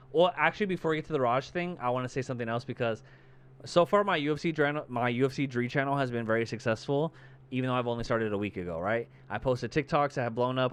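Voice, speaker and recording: A young man co-hosting a podcast tells stories in a casual chat, animatedly acting out scenes and swearing freely. His medium-pitched voice is clear and resonant.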